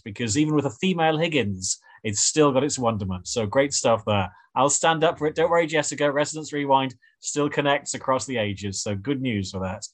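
A man hosting a podcast, rambling and hesitant with many fillers as he reviews a TV episode. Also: mid-range voice. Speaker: podcast host. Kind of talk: casual review chat.

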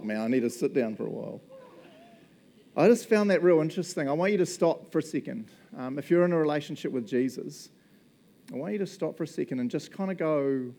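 A man's voice: on the high side, expressive, brisk, vocal fry, warm tone. A man with a New Zealand accent preaching a casual, conversational sermon, chatty and joking as he talks. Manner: chatty, joking, often laughing.

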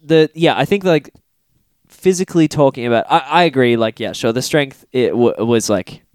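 Male podcast co-host, clear smooth tone, excitable and sweary, dry close mic. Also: medium pitch, moderate pace, dry recording. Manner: animated, swears often, jumps in with reactions. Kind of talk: casual film discussion.

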